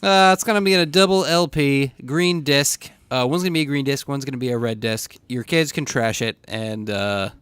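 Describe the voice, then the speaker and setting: A young man co-hosting a casual podcast in a record store, joking, easily excited, reading out a list of titles. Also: medium pitch, moderate pace, few pauses, clear, resonant tone, no echo. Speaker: podcast co-host. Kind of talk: casual chat.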